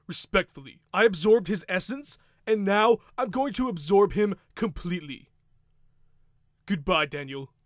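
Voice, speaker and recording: A man playing a sulky, petulant champion fighter in a lower, quieter register than his usual voice. He mutters excuses and then snaps back with curt insults. It sounds like a dry, close-miked comedy sketch. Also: expressive, unhurried, dry recording. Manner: mumbled apologies, snaps, repeats "respectfully".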